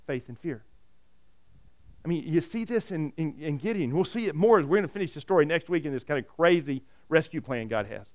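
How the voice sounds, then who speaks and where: A man preaching a sermon, retelling a scripture story in a lively way and often repeating words as he starts a sentence. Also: a little high. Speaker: pastor.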